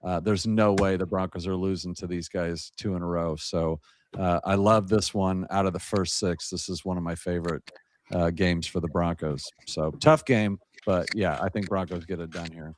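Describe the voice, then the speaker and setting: Man, joking and lively, low voice, dry close sound. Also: moderate pace, dry recording. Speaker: guest podcaster. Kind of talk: casual podcast chat.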